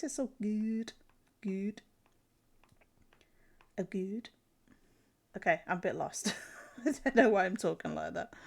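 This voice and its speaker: A young woman streaming while she draws. She has a stuffy nose from a cold and chats casually with viewers, giggling often and restarting her sentences. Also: medium pitch. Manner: chatty, giggly, answers chat, frequent restarts. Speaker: streamer and artist. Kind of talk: casual live-stream chat while drawing.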